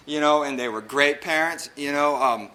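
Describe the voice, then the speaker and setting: A man's voice: a little high, moderate pace, bright, forceful tone. A man from El Paso, Texas, sharing his recovery story at a convention in an earnest way, with many repeated words and fillers.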